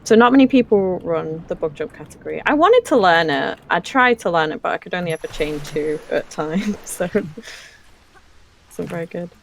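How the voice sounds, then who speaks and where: A woman casually commentating her own speedrun, explaining the tricks in a relaxed way with frequent ums. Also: lowish voice, moderate pace, vocal fry, a little hiss or hum.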